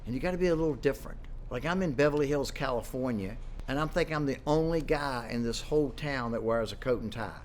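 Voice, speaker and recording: A man's voice: medium pitch, fast talker, few pauses, a little hiss or hum. A man, an entrepreneur, telling his personal story to the camera and acting out the voices of people in it. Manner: animated storyteller acting out quoted dialogue.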